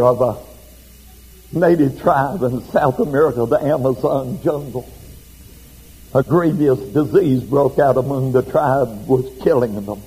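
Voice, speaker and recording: A male preacher delivering a fervent sermon with rhythmic, repeated phrases, swinging between loud proclamation and hushed emphasis. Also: medium pitch, husky, in a large hall, low-quality recording.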